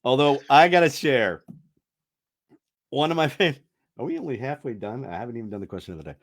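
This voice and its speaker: A man's voice: mid-range voice, expressive, brisk. A middle-aged man hosting a casual podcast, chatty and rambling, laughing often and restarting his sentences. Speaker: radio host.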